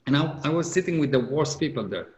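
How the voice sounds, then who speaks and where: A man's voice: a little high, expressive, quick pace. Earnest middle-aged man in roomy hall. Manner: earnest, repetitive emphasis, non-native English grammar. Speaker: business speaker. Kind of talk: motivational seminar talk. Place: conference hall.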